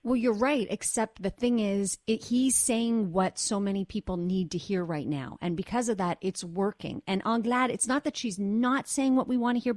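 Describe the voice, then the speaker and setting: A woman's voice: mid-range voice, darkish tone, dry recording. Female radio co-host, casual and conversational, dry mic. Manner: conversational, thinks aloud. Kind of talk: radio talk show discussion.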